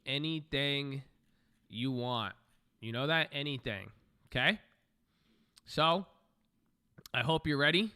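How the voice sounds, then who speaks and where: A man riffs loosely through a live trading stream, thinking aloud, joking and swearing. His voice is bright and forward, and his pitch is moderate for a man. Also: clean tone.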